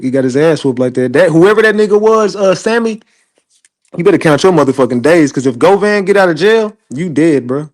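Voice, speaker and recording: This online show host has a mid-range voice. He gives casual commentary on his livestream, telling stories in an animated way, swearing and laughing as he goes.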